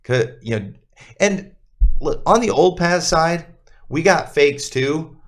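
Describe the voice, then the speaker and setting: A man's voice: fairly high pitch, lively intonation, slow. A man co-hosting a church podcast in casual conversation, talking bluntly and emphatically with many fillers.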